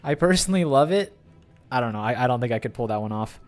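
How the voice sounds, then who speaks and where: A man's voice: medium pitch, lively intonation, fast talker, soft background music. A man streaming a game, chatting playfully and animatedly with friends. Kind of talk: casual chat while playing a game.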